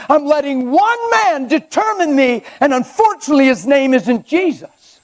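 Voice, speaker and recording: An older man preaching a sermon in a church, conversational and animated with sudden loud outbursts. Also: very high-pitched.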